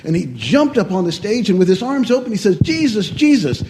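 A man telling a lively story to children as a children's sermon, asking them questions along the way. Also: high voice, fast, background noise.

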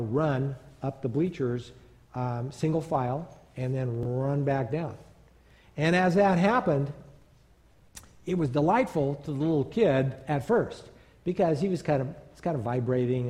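A man preaching as a pastor in a church, telling a story in a conversational, animated way with fillers. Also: a little high. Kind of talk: storytelling sermon. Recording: long church reverb.

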